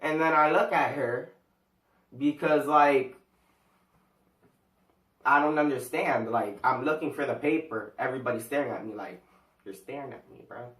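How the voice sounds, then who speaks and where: A man's voice: mid-range voice, moderate pace, pauses often, fairly bright tone, echoey room, distant mic. A teenage guy telling a school story in a casual storytime vlog, rambling, slangy and full of fillers. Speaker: vlogger.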